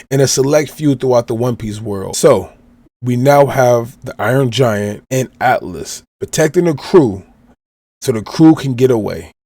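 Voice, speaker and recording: A podcaster from Chicago, USA, offers a laid-back, step-by-step recap of a comic chapter, voicing the characters' quotes along the way. The dry recording captures his medium-pitched, somewhat mellow voice.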